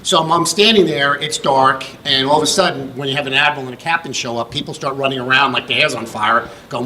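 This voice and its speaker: A middle-aged American man from the United States presents an award in a function room, telling a long, rambling anecdote full of restarts and fillers. His mid-range voice is fast, pushed, and bright with few pauses, and the poor audio carries a little hiss or hum.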